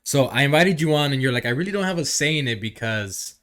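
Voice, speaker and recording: A man's voice: mid-range voice, lively intonation, fast talker, fairly bright tone. A man hosting a casual podcast, talking conversationally and posing rhetorical questions. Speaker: podcast host.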